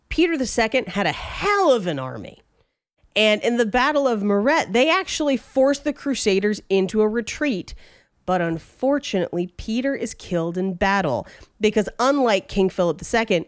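Lively and irreverent, this podcast co-host curses without hesitation as she chats casually and reads out an ad. Her voice sits at medium pitch with a moderate pace, recorded at studio quality with no echo.

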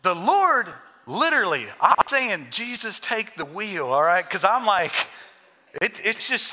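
A man preaching in a church sanctuary, his tone piercingly bright and sitting high for a male voice. He talks to the congregation casually and with humor, then leans into sincerity. A long hall reverb trails each phrase. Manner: conversational, joking preacher who turns earnest. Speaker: pastor. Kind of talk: sermon.

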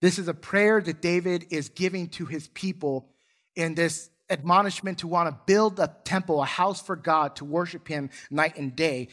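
Man, pastor, high voice, earnest sermon, acts out voices in his story. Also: normal speed, fairly bright tone. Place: church sanctuary.

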